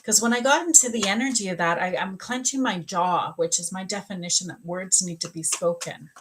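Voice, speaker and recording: A woman's voice: fairly low pitch, fairly quick, noisy background. A woman working as a psychic medium, chatting casually on a livestream, telling a personal story and acting out the dialogue. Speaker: psychic medium and spiritual coach.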